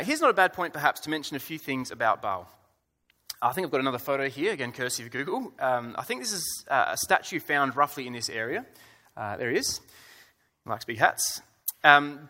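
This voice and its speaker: In a church hall with about a hundred people, a male preacher delivers a conversational, wry sermon full of rhetorical questions and fillers. His mid-range voice is pushed and bright.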